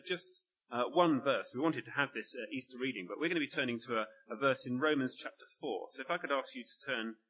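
A man's voice: medium pitch, a bit bright, low-quality recording. A man preaching an earnest, emphatic sermon at a church service.

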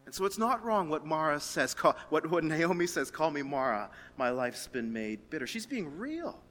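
Male pastor, conversational sermon, slightly high and bright voice, long church-hall reverb. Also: normal speed, slight background noise. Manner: animated and conversational, reads scripture aloud, laughs at own stories.

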